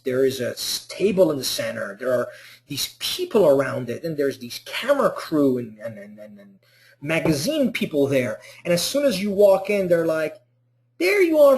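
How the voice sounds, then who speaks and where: Male instructor, motivational lecture, animated delivery, warm and mellow. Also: fairly high pitch. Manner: animated, rhetorical questions, acts out scenes. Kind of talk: online class lecture.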